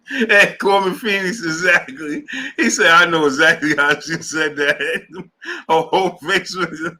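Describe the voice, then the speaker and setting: A man hosting a boxing livestream reads chat messages aloud casually, laughing hard, drawing out exclamations and putting on playful voices for the lines he quotes. His voice is fairly high, bright and forceful.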